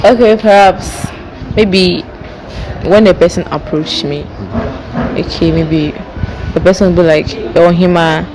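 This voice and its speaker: A woman's voice: lowish voice, steady tone, measured pace, long pauses. A woman answering a street interviewer in an easygoing way, explaining with her own examples. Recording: noisy outdoor street.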